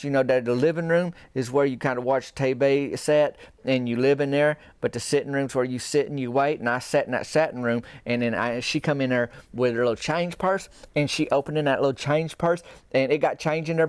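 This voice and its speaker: A man telling a rambling comic story in a slow, folksy, deadpan way. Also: mid-range voice, clear, resonant tone, dry recording. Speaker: comedian storyteller.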